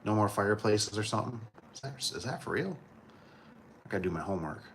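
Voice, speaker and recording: A man's voice: lowish voice, animated, fast talker, a bit bright, slight background noise. Laid-back man chatting on a livestream. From Michigan. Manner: laid-back, rambling, chuckles often. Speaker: livestream host. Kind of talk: casual livestream chat.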